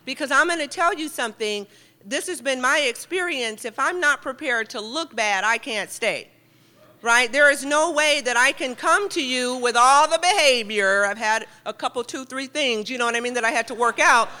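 A middle-aged woman giving a lively, joking and heartfelt talk to an audience in a meeting hall. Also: high voice, normal speed. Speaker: guest speaker at a recovery meeting.

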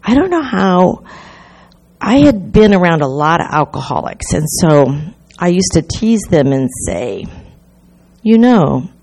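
An older woman talks through her memories in a rambling, chatty way, often restarting her sentences. Her voice sits low. It has a soft, mellow tone with no edge to it. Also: big pitch swings, unhurried, vocal fry. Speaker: recovery conference speaker. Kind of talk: personal storytelling talk.

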